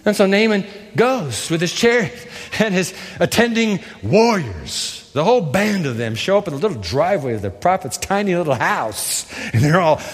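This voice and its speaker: A male pastor preaches with animated, theatrical storytelling, his fairly high voice leaping widely in pitch. A long hall reverb hangs on his words. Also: moderate pace, husky. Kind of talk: sermon.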